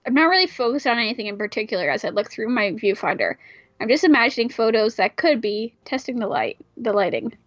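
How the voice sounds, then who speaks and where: A woman reading a visual novel aloud and chatting, animated and joking, swearing often. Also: a little high, quick pace, no room sound. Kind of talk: casual let's play chat and reading. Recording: dry, slightly muffled mic.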